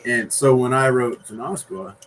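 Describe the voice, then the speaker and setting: A man, a guest author, chatting on a podcast in an unhurried, rambling way with many fillers. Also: mid-range voice, a bit bright, slight background noise, rough recording. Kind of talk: casual podcast conversation.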